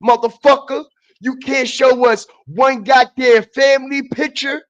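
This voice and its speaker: A man streaming a heated, profane commentary who keeps repeating his points, shifting from low muttering to shouting. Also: fairly even intonation, measured pace, muffled recording. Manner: repetitive, emphatic, often repeats phrases; profane and confrontational.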